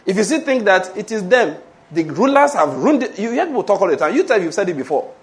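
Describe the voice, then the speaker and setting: A man's voice: high-pitched, sing-song, fast. A middle-aged man with a Nigerian accent preaching a sermon, emphatic and calling for responses from the congregation. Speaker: pastor.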